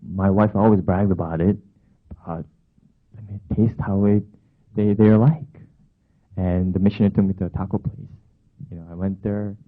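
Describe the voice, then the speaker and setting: A man's voice: low voice, steady tone, moderate pace, pauses often. A man preaching in a conversational storytelling way, telling a personal anecdote with frequent asides. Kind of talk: storytelling sermon. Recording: tinny phone-like sound.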